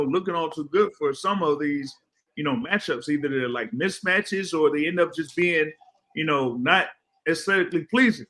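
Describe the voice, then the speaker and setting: A man's voice: on the high side, fairly bright tone, slight background noise, rough recording. A man co-hosting a casual talk show, explaining at length with lots of fillers. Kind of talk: casual chat.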